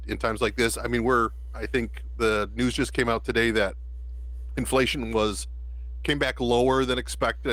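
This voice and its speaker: A man's voice: mid-range voice, fairly bright tone, no echo, poor audio. A man co-hosting a podcast in casual chat, thinking aloud and rambling through his points. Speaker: podcast co-host.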